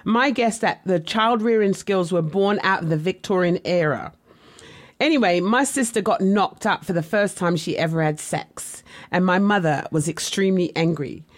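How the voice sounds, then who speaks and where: A woman's voice: fairly low pitch, moderate pace. A woman telling her own life story in a candid, reflective, conversational way, as an author looking back on her childhood. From West Indian family. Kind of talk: personal memoir storytelling.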